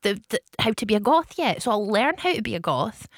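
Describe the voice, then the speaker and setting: A woman talking casually on a radio show, self-mocking and quick to laugh. Her voice sits at a middle pitch and sounds close and dry, with no room around it. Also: big pitch swings, no room sound. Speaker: radio co-host.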